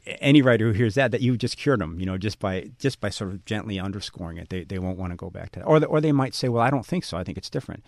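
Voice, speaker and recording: Low-voiced man, quick and musing. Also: animated, creaky, dry recording, clean studio sound. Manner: self-deprecating, musing, many restarts. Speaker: guest author. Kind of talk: radio interview.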